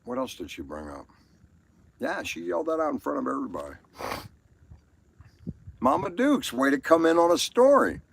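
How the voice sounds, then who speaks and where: Crude Southern man hosting a live stream, lively pitch, rambling storyteller. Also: moderate pace, gravelly, pauses often, slight background noise. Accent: Southern American. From Southern United States. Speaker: livestream host.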